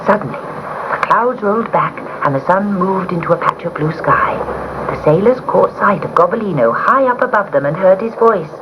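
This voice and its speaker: A woman's voice: medium pitch, animated, normal speed. A woman reading a children's story aloud with dramatic expression, on a muffled recording with hiss.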